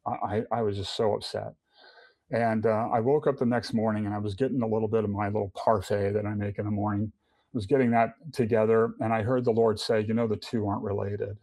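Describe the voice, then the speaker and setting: A man's voice: lowish voice, flat delivery, brisk, warm tone, no room sound. A middle-aged man giving a personal testimony in casual conversation, earnest, often restarting and repeating words. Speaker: podcast guest.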